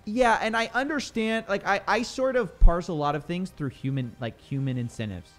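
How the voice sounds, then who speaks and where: A man's voice: high-pitched, moderate pace, faint music behind. A man hosting a casual political chat, telling anecdotes in a rambling way with lots of fillers and restarts. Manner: animated storyteller, full of likes and restarts. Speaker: YouTuber podcast host.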